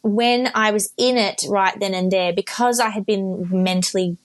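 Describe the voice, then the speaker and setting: A woman's voice: mid-range voice, fairly even intonation, normal speed. A young Australian woman telling her story casually on a podcast, with lots of "like" fillers, acting out what others said. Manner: chatty, full of "like" fillers, quotes others in dialogue. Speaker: podcast guest.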